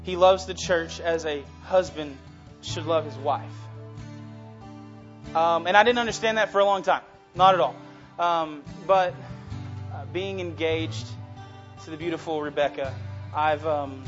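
A man's voice: on the high side, a little slow, fairly bright tone, highs cut off, faint music behind. A young man in his twenties preaching a casual, earnest sermon that swells into passionate emphasis. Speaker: youth preacher.

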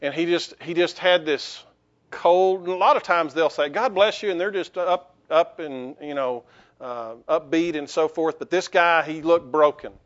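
A man's voice: a little high, moderate pace, fairly bright tone, highs cut off. A man pastor preaching a sermon in a conversational way, with restarts and rhetorical questions to the congregation.

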